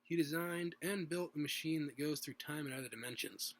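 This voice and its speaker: A man voicing an easygoing young male superhero in an amateur story reading, plain and relaxed. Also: a little high, brisk.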